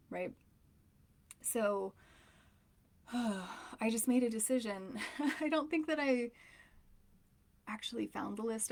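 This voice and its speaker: A woman's voice: on the high side, a little mellow. A woman in her thirties, a relationship coach, talking candidly and emotionally, rambling with frequent fillers. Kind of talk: casual personal talk to camera.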